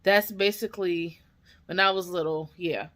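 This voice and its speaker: A woman's voice: on the low side, steady tone, normal speed, a bit bright. A woman hosting a reaction video, talking casually and emotionally, tearful and rambling with many fillers and restarts.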